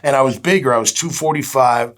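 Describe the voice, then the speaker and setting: A man's voice: mid-range voice, fairly quick. A man in his fifties from Florida, telling stories as a guest in a casual interview, chatty and full of fillers, acting out the dialogue he recalls. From Jacksonville, Florida. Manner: chatty, acts out quoted dialogue, many "you know" fillers. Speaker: guest, former pro football player.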